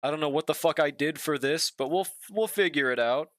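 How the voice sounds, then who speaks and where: Casually addressing his stream while he draws, this young man swears often and keeps things easygoing. He speaks on the high side, fairly quickly, with a slightly bright tone and no echo.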